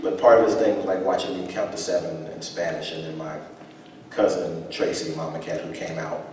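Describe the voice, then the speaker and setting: A low-voiced man performs a reflective spoken-word piece live on stage, pausing and circling back as he searches for words. He is picked up from a distance in a large hall with long reverb. Faint room ambience hums behind him. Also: flat delivery, darkish tone, a little hiss or hum. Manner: halting, reflective, restarts often. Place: theater stage, live event. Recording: echoey hall from far off.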